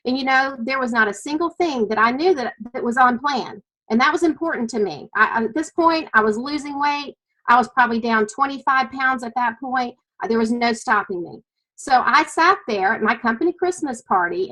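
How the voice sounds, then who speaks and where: On a rough recording, a middle-aged Southern woman tells her weight-loss story as a client, her testimony earnest and emotional. She speaks expressively at a moderate pace in a fairly high, bright, forceful voice with a Southern US accent.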